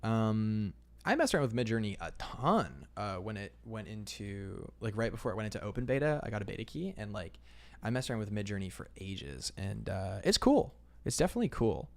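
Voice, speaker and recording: A young man with a low, gravelly voice talks through his drawing on a livestream. He rambles along in a laid-back way, full of fillers, and keeps calling his viewers "man.". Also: expressive, a little fast, hardly any pauses. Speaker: illustrator streaming live. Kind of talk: casual livestream chat reading comments.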